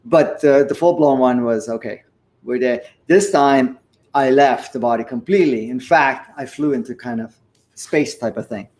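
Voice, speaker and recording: A man in his sixties, an interview guest telling a personal story in an earnest, animated way with the odd chuckle. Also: mid-range voice. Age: 60s. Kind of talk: conversational storytelling.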